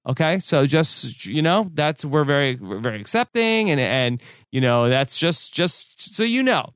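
A man's voice: medium pitch, lively intonation, moderate pace, a bit bright, clean tone, no echo, studio quality. A man on a podcast, casually telling a story with many fillers and restarts. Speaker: podcast co-host. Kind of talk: casual chat recounting a story.

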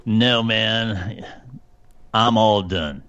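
A man's voice: on the low side, drawn-out words, creaky, fairly bright tone, clean tone, lo-fi sound. A man co-hosting a podcast in casual chat, mostly giving short agreeable replies. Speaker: podcast co-host.

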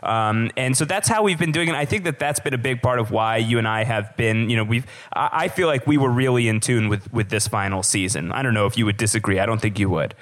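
A man's voice: mid-range voice, quick pace, hardly any pauses, a bit bright. Guy cohosting a podcast, rambly, keeps restarting sentences. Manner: rambling, many restarts and fillers. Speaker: podcast co-host. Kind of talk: casual podcast discussion.

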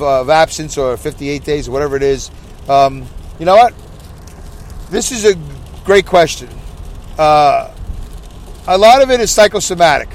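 Recorded in a moving car on a rainy highway, this clip features a man who hosts a podcast delivering a casual, meandering monologue as he drives. His voice sits on the high side, and he leans on fillers and pokes fun at himself, while rain and faint road noise run underneath.

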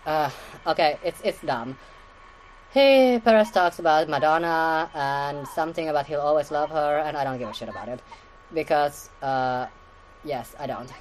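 A woman's voice: low voice, moderate pace, slight background noise, rough recording. A woman hosting a podcast recap in casual rambling commentary, swearing freely, stacking fillers and laughing at her own asides.

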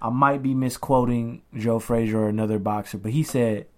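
A young adult man co-hosting a podcast in casual chat, slangy and animated, often quoting others in voices. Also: medium pitch, normal speed. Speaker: podcast co-host.

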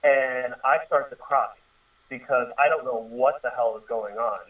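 Over a tinny, distant phone-line radio connection, a man in his thirties tells a personal story in a casual, earnest way. His mid-range voice is a little slow, and he rambles with fillers and restarts.

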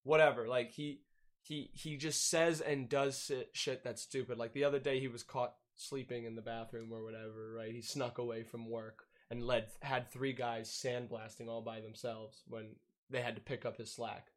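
A man's voice: mid-range voice, flat delivery, moderate pace. A young man casually telling a profane, laughing story on a podcast. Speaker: podcast host.

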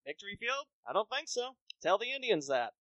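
Fairly high-voiced male podcast host. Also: big pitch swings, fairly quick, fairly bright tone, no echo, dull audio. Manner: brief interjections and asides. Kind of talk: casual chat.

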